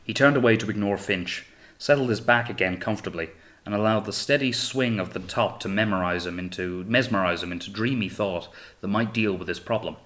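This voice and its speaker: A man reading an audiobook of a naval novel in a steady, measured way. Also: lowish voice. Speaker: audiobook narrator. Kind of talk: scripted audiobook narration.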